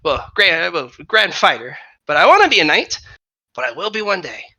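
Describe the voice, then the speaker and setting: A game master voicing a small, earnest young male fighter who pitches himself eagerly with lots of fillers. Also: big pitch swings, normal speed, bright, forceful tone, dry recording, full character voice, low-quality recording. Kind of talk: tabletop role-play voice.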